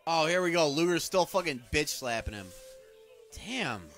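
A man's voice: on the high side, normal speed, faint music behind. A man co-hosting a podcast, casually and crudely ranting as he watches an old wrestling match. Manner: crude, ranting, animated commentary. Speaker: podcast co-host. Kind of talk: casual profane wrestling watch-along chat.

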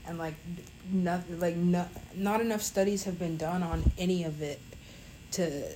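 A woman's voice: lowish voice, fairly even intonation, a little slow, warm tone, a little hiss or hum, rough recording. A woman DJ telling a story in a casual, rambling way, full of fillers and swearing.

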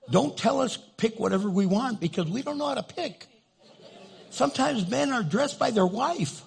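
Gravelly older man preaching with humor. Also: high-pitched, animated, normal speed. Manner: humorous, playful storytelling preaching. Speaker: pastor. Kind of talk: sermon.

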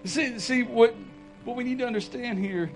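A man delivers a sermon in a strikingly high voice, talking in a folksy, conversational way. He leans into repeated phrases when he wants to drive a point home. Faint music plays quietly behind him. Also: normal speed, rough recording. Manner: folksy, rising to urgent emphasis with repeated phrases. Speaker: pastor.

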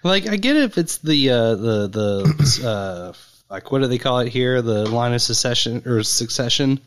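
A man's voice: medium pitch, lively intonation, normal speed, a little hiss or hum. A man co-hosting a podcast in casual chat, making wry jokes and laughing easily. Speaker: podcast co-host.

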